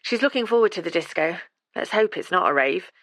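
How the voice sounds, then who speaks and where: A woman's voice: lowish voice, lively intonation, a little fast, fairly bright tone, dry recording. A woman voicing a protective widowed father who talks with awkward earnestness, as a storybook character.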